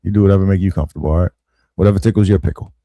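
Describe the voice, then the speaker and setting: A man's voice: low voice, steady tone, rapid-fire, warm tone, dry recording. A man hosting a podcast, chatting casually in easygoing, slangy banter. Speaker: podcast host. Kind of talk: casual chat.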